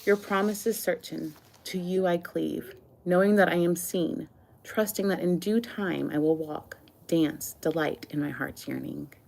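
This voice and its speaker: A woman reading her own love poems aloud in a soft, earnest, slow and tender way. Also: lowish voice, vocal fry.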